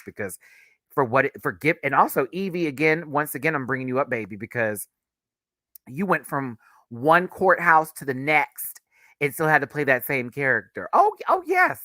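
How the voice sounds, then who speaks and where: A young man hosting a casual review video, talking in an animated, sassy way with frequent laughter. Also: mid-range voice, no echo. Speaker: reaction video host.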